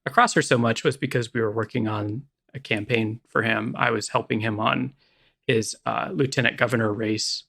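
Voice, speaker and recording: Man, podcast co-host, rambling self-deprecating storytelling, creaky voice, close mic. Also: mid-range voice, fairly even intonation, moderate pace, pushed and bright. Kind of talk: casual storytelling chat.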